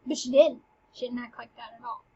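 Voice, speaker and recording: A woman's voice: fairly high pitch, fairly even intonation, brisk, warm tone, husky, lo-fi sound. A woman teacher casually explaining a play, chatty and full of "like". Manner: chatty, uses "like" a lot.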